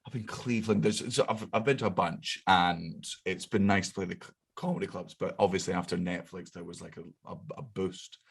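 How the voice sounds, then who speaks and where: A Scottish man with a low, deep voice talks as a comedian guest in a loose, lively conversation. He laughs readily and swears without a second thought. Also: brisk, creaky, hardly any pauses, husky. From Scotland. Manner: animated, laughs often, swears freely. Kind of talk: casual chat.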